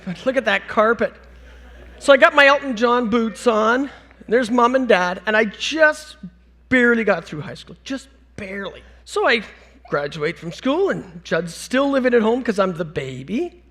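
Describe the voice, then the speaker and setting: A middle-aged man from Canada telling funny stories from his life in a talk on stage, acting out the people he quotes. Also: normal speed. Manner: animated, acts out quotes with big jumps in pitch. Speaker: conference speaker.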